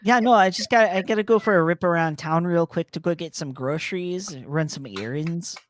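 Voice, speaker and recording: A man's voice: a little high, brisk. A Canadian man with a Newfoundland accent, chatting casually and playfully while gaming on a stream. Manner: playful, hams up his accent. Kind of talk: casual chat.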